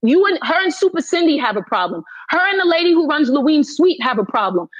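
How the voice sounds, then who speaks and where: In a dry, slightly dull phone recording, a woman of Haitian heritage, probably in her thirties, argues heatedly in an audio chat room. Her high voice is very animated and a little fast, and she repeats herself emphatically while defending her side.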